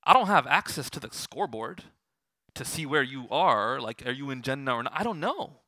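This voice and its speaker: A young man, an Islamic teacher, giving an animated lecture and putting questions to his audience. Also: medium pitch, moderate pace, dry recording, studio quality.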